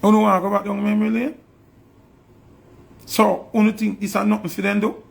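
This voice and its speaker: Jamaican Patois man, gravelly and raspy, fervent preachy monologue. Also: high-pitched, flat delivery, normal speed. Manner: preachy, fervent, repetitive questions. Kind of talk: impassioned spoken monologue.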